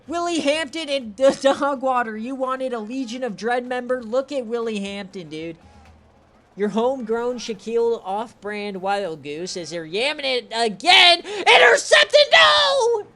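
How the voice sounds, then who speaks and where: A man giving excitable, profane play-by-play of a streamed online football game, his voice strained from shouting. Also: normal speed. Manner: swings from shouted calls to low, relaxed chatter. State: straining voice, says he is losing it.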